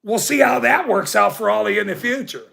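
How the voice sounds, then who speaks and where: A man's voice: high-pitched, animated, quick pace, vocal fry, fairly bright tone. A middle-aged man hosting a casual livestream, ranting indignantly and rambling, laughing often. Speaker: livestream host.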